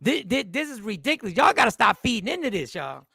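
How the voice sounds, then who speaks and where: Man, high pitched, gravelly, animated comedic host, dry close sound. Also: quick pace, dry recording. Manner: animated, joking, reacting to comments. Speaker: podcast host. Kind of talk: casual comedic commentary.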